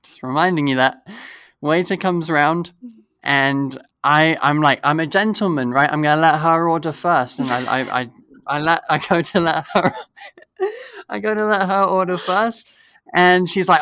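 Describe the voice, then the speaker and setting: A young man chats casually, telling a funny story with animation and laughing through it while acting out the quoted voices. His voice is smooth and on the high side, at a moderate pace, with no room sound.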